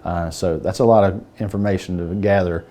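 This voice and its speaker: A man's voice: deep voice, fairly even intonation, brisk, dark tone. A man, a funeral director, explaining planning details in a matter-of-fact way. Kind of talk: news interview.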